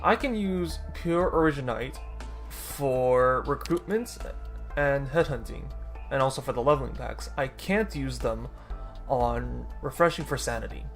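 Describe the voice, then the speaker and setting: A man's voice: medium pitch, measured pace, soft background music. A man giving casual, rambling commentary over his own gameplay, often correcting himself and dropping dry sarcastic asides. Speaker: gaming YouTuber.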